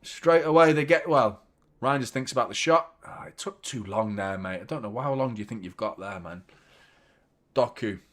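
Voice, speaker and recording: Man, young adult, live match reaction, casual chat, swearing, bursts of shouting. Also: mid-range voice, moderate pace. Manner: chatty, swears, shouts in outrage at fouls. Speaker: football watchalong host.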